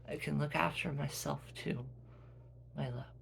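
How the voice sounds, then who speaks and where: A man voicing a devoted young wife who speaks hushed and soft, close to a whisper. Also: on the high side, fairly even intonation, measured pace, vocal fry, a little hiss or hum, exaggerated voice. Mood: tender.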